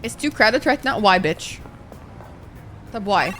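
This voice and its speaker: Over faint game music, a young woman streaming a let's-play curses and rants dramatically, clearly exasperated with the game. Her voice is mid-range, animated, a bit bright, and a little slow.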